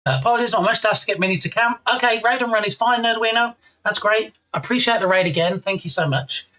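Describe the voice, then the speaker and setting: A man's voice: sits high, fast, sharp tone, low-quality recording. Chatty English man streaming live. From England. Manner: chatty, reads out chat messages and thanks viewers. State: slight frog in throat. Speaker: game dev streamer. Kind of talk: casual live-stream chat.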